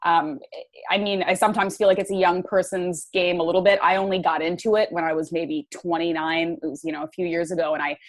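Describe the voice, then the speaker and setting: Woman, thirties, low-ish voice, enthusiastic podcast guest, rambling casual talk. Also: level tone, quick pace. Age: 30s. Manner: enthusiastic, talks in loose run-on phrases. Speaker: podcast guest, fitness writer. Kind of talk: casual interview chat.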